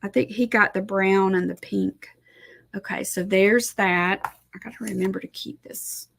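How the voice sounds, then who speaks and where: A woman's voice: medium pitch, fairly even intonation, a little slow, gravelly, a bit bright. A middle-aged woman giving a chatty live painting tutorial, thinking aloud and correcting herself as she goes. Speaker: art instructor.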